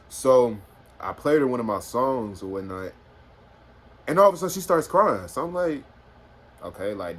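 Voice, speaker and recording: A man's voice: on the low side, slight background noise. A young man, telling a personal story casually on a phone, rambling with lots of fillers. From Houston, Texas. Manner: rambling, filler-heavy, animated retelling. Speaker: vlogger.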